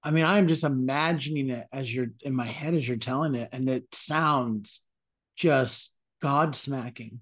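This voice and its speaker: A man's voice: medium pitch, a little slow. A man hosting a podcast, responding appreciatively to his guest and asking questions. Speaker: podcast host. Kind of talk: conversational interview.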